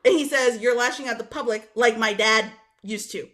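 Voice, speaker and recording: Exasperated female caller, bright and on the higher side, chatty storyteller. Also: moderate pace. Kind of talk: casual chat on a call-in roast.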